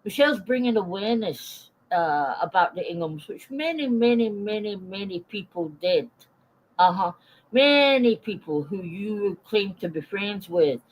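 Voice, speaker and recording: A woman's voice: mid-range voice, animated, a little slow, low-quality recording. Woman in her forties, live-stream rant, blunt, swears a lot, greets chat viewers as she goes. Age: 40s.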